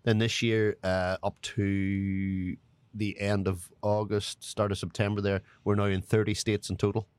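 A middle-aged man, relaxed as he tells stories in a talk show interview. His voice sits on the low side and sounds dry and close. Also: measured pace, smooth, no room sound. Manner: relaxed storytelling. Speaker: guest, master distiller. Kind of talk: interview answers.

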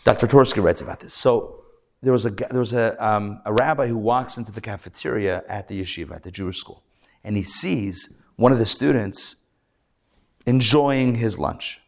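A rabbi teaching a live class, telling stories in a lively, animated way with playful asides. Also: male voice, lowish voice, normal speed, gravelly.

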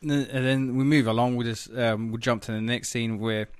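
A man's voice: mid-range voice, steady tone, normal speed, clean tone, no room sound, studio quality. A man co-hosting a podcast, recapping a TV episode in rambling casual chat, swearing freely. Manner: rambling and profane, with filler words. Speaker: podcast co-host.

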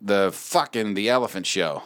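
A man in his thirties hosting a casual podcast chat, jokey and quick to laugh. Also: fairly low pitch. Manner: animated, jokey, laughs often. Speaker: podcast host.

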